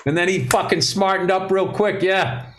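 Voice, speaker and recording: A man co-hosting a casual comedy podcast, profane and rambling, with sudden excited bursts. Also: high voice, moderate pace, slight background noise. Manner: profane, ranting, rambling asides; loose and jokey, with bursts of excited speech. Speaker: comedian co-host.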